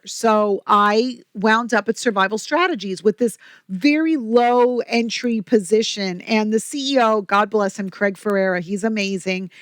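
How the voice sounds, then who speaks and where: A woman guest on a podcast, telling stories in an energetic, chatty way with quick asides. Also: mid-range voice, no room sound, studio quality. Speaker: podcast guest, company president. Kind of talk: casual interview talk.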